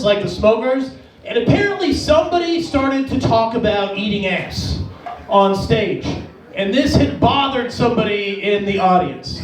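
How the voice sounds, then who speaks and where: A man from Las Vegas doing a stand-up set, telling profane stories and yelling out other people's lines. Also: very high voice. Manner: profane storytelling, acts out shouting characters. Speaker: stand-up comedian. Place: comedy club stage. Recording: echoey club, distant mic.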